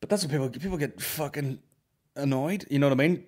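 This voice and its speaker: A man's voice: fairly high pitch, a little mellow. A young man hosting a comedy podcast, ranting in a casual, exasperated way and swearing constantly. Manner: heavy swearing, exasperated ranting, quick acted-out quips. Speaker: podcast host. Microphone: studio podcast microphone.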